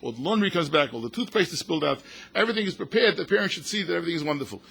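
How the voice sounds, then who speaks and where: Raspy, bright-voiced older rabbi lecturing. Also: male voice, fairly high pitch, very fast. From United States. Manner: animated storyteller, acts out quotes, mixes in Yiddish and Hebrew words. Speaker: rabbi giving a talk. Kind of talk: passionate lecture with stories. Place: synagogue event hall.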